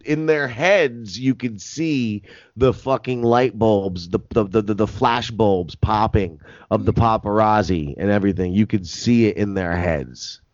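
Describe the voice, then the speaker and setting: A man's voice: fairly low pitch, unhurried, a little mellow, dry recording. A man co-hosting a casual podcast, telling stories in a crude, wry, joking way. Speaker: podcast co-host. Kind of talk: casual chat. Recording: dull lo-fi podcast audio.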